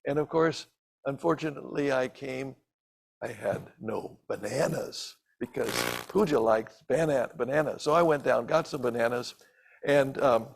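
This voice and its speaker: An older man tells stories from the pulpit in a loose, conversational sermon. His gravelly voice wanders through ums and little asides. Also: medium pitch, normal speed. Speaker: preacher and missionary. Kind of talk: storytelling sermon.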